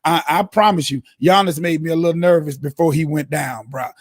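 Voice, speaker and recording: A man hosting a casual sports talk show, excitable and chatty with lots of fillers, in a preacher-like manner. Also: fairly high pitch, a little fast, dry recording, studio quality. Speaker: host.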